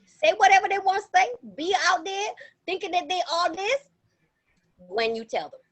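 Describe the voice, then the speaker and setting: High, lively woman chatting on a podcast. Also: normal speed, rough recording. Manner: animated storytelling with slangy, emphatic repetition. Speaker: podcast co-host. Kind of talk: casual chat.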